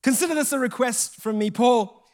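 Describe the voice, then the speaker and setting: A man preaches in an extremely high-pitched voice at a moderate pace. His storytelling is animated, jokey and self-mocking, and he gives voice to the dialogue in each tale.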